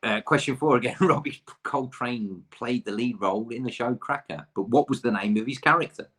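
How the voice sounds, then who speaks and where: A man's voice: mid-range voice, a little fast, fairly bright tone. A man in his thirties from the UK, hosting a pub quiz with chatty, rambling, self-deprecating asides.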